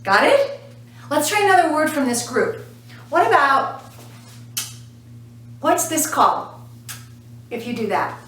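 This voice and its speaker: A woman's voice: high voice, sing-song, slow, pauses often, a bit bright, a little hiss or hum. A woman teaching English pronunciation in a lesson, speaking patiently and repeating each sound to model it. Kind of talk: classroom lesson to camera. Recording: echoey room, voice from a distance.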